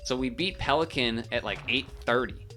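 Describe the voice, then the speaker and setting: A man's voice: medium pitch, moderate pace, sharp tone, faint music behind. A young man with a Massachusetts accent chatting loosely with his stream audience, full of fillers and the odd swear. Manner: loose, laid-back, swears, lots of fillers. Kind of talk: casual stream chat.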